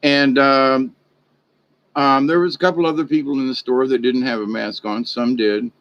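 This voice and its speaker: Heard through lo-fi sound, a man with a mid-range voice and moderate pace delivers a loose, rambling vlog. He keeps it folksy and conversational, turning animated when recounting back-and-forths with others.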